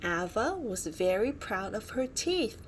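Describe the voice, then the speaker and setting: With big pitch swings, a woman reads a bedtime story aloud slowly and with lots of expression, stopping now and then to point at the pictures. There's slight background noise.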